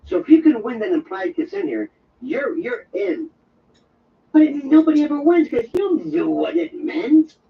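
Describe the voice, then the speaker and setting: A man's voice: extremely high pitch, big pitch swings, moderate pace, creaky. An older man hosting a live show, delivering a digressive, wisecracking monologue in a sardonic tone. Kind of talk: rambling live-stream monologue. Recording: dull, distant stream audio with faint noise.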